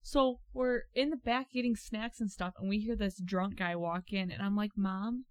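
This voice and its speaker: A woman's voice: medium pitch, normal speed. A woman guest on a podcast, chatting casually and telling stories with lots of acted-out quotes. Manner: animated storyteller acting out quotes. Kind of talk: casual chat.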